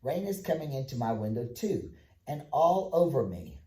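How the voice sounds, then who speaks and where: Male reader as an eager little boy, slightly raised pitch, dark tone. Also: big pitch swings, normal speed, close to an everyday voice. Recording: echoey room.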